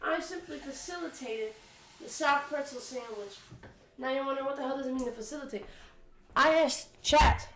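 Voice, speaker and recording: A woman's voice: sits high, moderate pace, fairly bright tone. An eighteen-year-old woman hosting a cooking livestream in her home kitchen. She has a cold that makes her voice crack, and she chats casually, joking and swearing playfully. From United States. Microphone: desk condenser mic.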